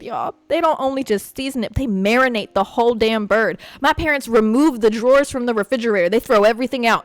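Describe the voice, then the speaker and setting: A young woman from a Puerto Rican family hosting a podcast, telling a story in a profane, animated rant. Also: fairly high pitch, no echo. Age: young adult. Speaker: podcast host. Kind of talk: casual storytelling monologue.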